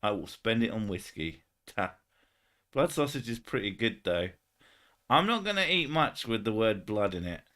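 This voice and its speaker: Brief: young male streamer, lowish voice, loose and jokey, swears freely, laughs a lot. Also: sing-song, moderate pace, fairly bright tone. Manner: swears often, laughs between jokes. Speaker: streamer host. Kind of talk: casual stream chat.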